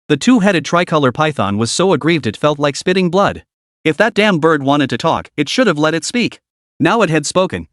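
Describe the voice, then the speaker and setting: Man, scripted story narration, animated, dry sound. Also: a little high, no room sound. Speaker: recap narrator.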